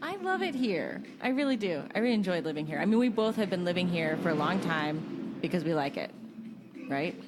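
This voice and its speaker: A woman's voice: fairly low pitch, very animated, brisk, noisy background. An American woman co-hosting a podcast, talking in casual chat, giggly and candid. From United States. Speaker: podcast co-host.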